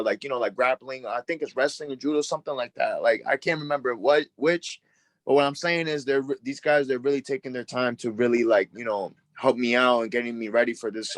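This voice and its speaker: Young man from massachusetts, twenties, rambling eager storyteller, fillers, mid-pitched, dry close mic. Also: no echo. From Worcester, Massachusetts. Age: 20s. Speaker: boxer guest. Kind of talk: casual interview chat.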